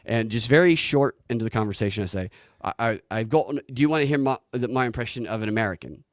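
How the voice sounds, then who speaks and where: A man's voice: mid-range voice, animated, fast talker, no room sound, clean studio sound. A man with a Southern US accent co-hosting a podcast, joking and laughing at his own lines in casual commentary. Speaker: podcast co-host.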